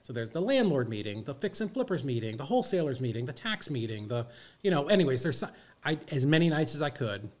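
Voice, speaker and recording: A man, a real estate investor guest on a podcast, telling stories in an animated, casual way with quick asides. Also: medium pitch. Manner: animated storyteller, quick asides and acted quotes.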